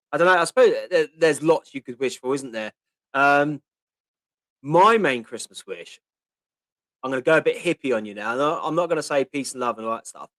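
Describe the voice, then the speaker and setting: On a laid-back live stream, a man in his 50s from Portsmouth chats away, answering what viewers ask and reading their comments out, peppered with ums. His voice is mid-range and a bit bright, with no room sound.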